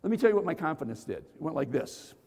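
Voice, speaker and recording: High-voiced, fired-up male keynote speaker. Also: quick pace, husky. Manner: energetic storytelling, shouts to the crowd. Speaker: motivational speaker. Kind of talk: live motivational keynote. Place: large conference hall. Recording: long reverb of a big hall.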